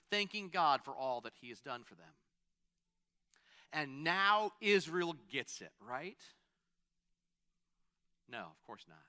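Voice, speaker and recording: A man's voice: fairly high pitch, pushed and bright. A man preaching a sermon in a conversational way, stopping to restart phrases and add asides. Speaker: pastor.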